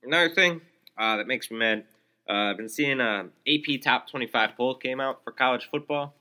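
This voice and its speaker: A man's voice: mid-range voice, moderate pace, bright, forceful tone. A young man hosting his own podcast alone, ranting in an exasperated, sarcastic way with lots of fillers and restarts. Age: young adult. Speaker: podcast host.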